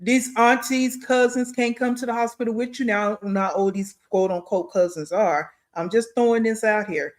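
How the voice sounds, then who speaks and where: A woman hosts a reaction commentary, blunt and incredulous as she scolds. Her voice sits a little high and is plainly recorded. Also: moderate pace, hardly any pauses. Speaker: commentary host.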